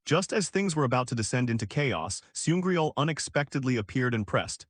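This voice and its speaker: Steady male recap narrator, dry sound. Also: mid-range voice, normal speed, no echo. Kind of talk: scripted story narration.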